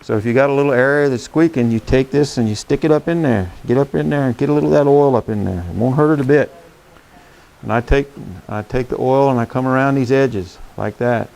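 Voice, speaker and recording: A horsemanship instructor gives a hands-on saddle-care demonstration beside his horse, asking "okay?" as he goes. His mid-range voice is gravelly and darkish, and he talks a little fast in a folksy, plain-spoken way.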